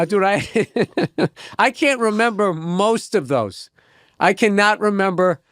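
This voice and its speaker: A man's voice: high-pitched, no room sound, studio quality. A man, a stand-up comedian, telling rambling, profane stories in casual chat and acting out the voices of the people in them. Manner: rambling, profane, trails off into asides. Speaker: stand-up comedian, interview guest.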